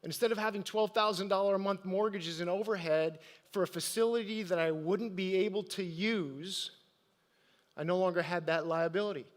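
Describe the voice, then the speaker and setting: A man's voice: sits high, moderate pace. A middle-aged man giving a live motivational talk to an audience, telling personal stories and asking the crowd questions. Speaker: motivational speaker. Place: event stage.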